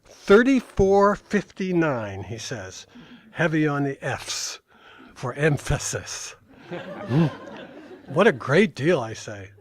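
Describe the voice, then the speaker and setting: A man's voice: medium pitch, expressive, slow pace, long pauses, breathy edge. Older man reading his memoir aloud. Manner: dry storytelling, brief asides to the audience. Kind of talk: reading aloud at a live talk.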